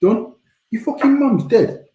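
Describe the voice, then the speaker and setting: A man's voice: very high voice, unhurried, reverberant, highs cut off. Swearing man telling a story. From England. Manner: swears a lot, animated storytelling. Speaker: podcast co-host. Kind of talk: casual chat.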